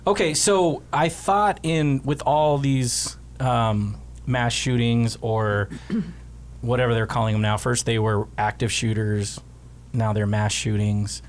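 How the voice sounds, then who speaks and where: A man hosting a casual podcast, joking with guests and pausing often with fillers. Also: medium pitch. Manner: relaxed, joking, many filler pauses. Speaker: podcast host.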